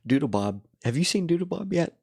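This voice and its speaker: A man's voice: on the high side, very animated, brisk, creaky, darkish tone, husky, no echo, clean studio sound. A man chatting casually while drawing, retelling a cartoon episode in a laid-back, rambling way.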